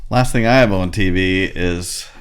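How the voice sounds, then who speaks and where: A man's voice: deep voice, a little slow, smooth. A man co-hosting a podcast, telling a rambling, enthusiastic story in casual chat. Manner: enthusiastic, rambling storyteller who acts out quotes. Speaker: podcast co-host.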